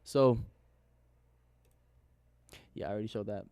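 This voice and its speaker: Young male vlogger, candid rambling recap, smooth clear voice, dry close sound. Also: mid-range voice, fairly even intonation, fairly quick, a little mellow, no echo. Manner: candid, rambling, swears casually. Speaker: forex trader vlogger. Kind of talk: casual screen-share recap.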